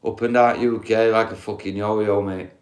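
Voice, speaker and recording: A man's voice: lowish voice, flat delivery, normal speed. A middle-aged man, talking bluntly and swearing as he rambles through a casual live stream chat. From England. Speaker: livestreamer.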